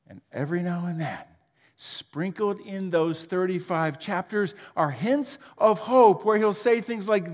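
A man preaching with dramatic swings from booming declarations to hushed, almost whispered lines. His voice sits a little high for a man, and it rings out through the long reverb of a large church hall. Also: unhurried. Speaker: pastor. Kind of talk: sermon.

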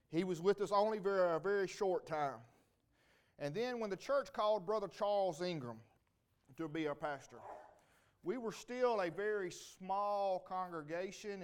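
Hombre sureño de mediana edad, testimonio en la iglesia, voz aguda, clara y resonante, habla campechana y divagante. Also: male voice, sits high, smooth. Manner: folksy, rambling, with many restarts. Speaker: church member giving a homecoming testimony. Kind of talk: homecoming testimony to a congregation. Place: church sanctuary.

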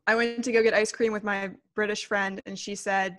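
A woman's voice: medium pitch, little pitch movement, a little fast, background noise. A woman co-hosting an interview, bubbly and enthusiastic in casual chat. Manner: bubbly, enthusiastic, laughs often. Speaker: podcast co-host.

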